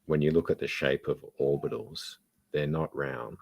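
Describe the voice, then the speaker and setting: A man's voice: very deep voice, flat delivery, moderate pace, creaky, a little mellow, slight background noise. A man in casual chat, thoughtful and meandering, reading out viewer chat. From Australia. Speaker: podcast co-host.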